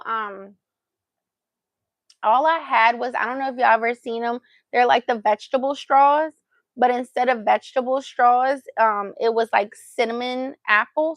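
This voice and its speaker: Gravelly-voiced woman telling a story. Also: on the high side, no echo. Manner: chatty, acts out her own past remarks. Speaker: vlogger. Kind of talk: casual storytelling to camera.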